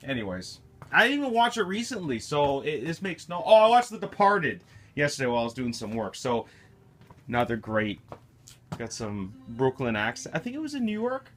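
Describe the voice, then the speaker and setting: A man's voice: medium pitch, big pitch swings, normal speed, a bit bright, faint music behind. A middle-aged man who runs a hobby shop, rambling and joking through a casual vlog monologue about new stock.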